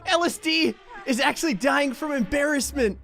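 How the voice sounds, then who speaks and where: A man's voice: extremely high pitch, gravelly, a bit bright. A young man giving sarcastic, profane comedic commentary over gameplay. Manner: sarcastic, profane, mock-cruel humor with quick voiced asides. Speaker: gaming commentator. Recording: faint background music under voice.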